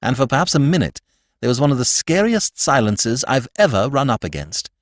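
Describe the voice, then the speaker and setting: A man reading a story aloud as a podcast narrator, telling it in an expressive, animated way. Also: medium pitch, a little fast, no room sound, studio quality. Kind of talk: scripted audiobook narration.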